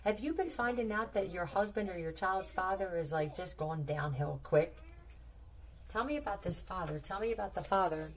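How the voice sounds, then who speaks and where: A woman's voice: fairly low pitch, normal speed, recorded from a distance. A woman giving a casual tarot reading, rambling and blunt, swearing freely, repeating words and firing off questions. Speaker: tarot reader.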